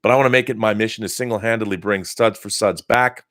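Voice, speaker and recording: A middle-aged man hosts a casual live stream, reading viewer messages aloud and riffing on them. His voice sits a little low, and it jumps up when he gets excited. The sound is close and dry, with no room echo. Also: fast talker. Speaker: host.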